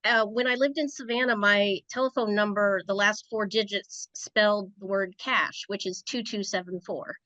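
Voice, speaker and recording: A woman's voice: medium pitch, fairly even intonation, moderate pace, hardly any pauses, pushed and bright, no room sound. A woman from Rhode Island, a podcast guest, telling stories in a chatty, casual way. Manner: chatty, storytelling. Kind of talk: casual interview chat. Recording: dry, dull lo-fi sound.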